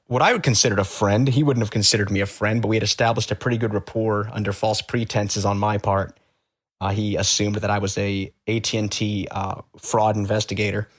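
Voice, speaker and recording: A man as an interview guest, telling stories in a halting, matter-of-fact way with many fillers. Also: fairly low pitch. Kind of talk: conversational storytelling.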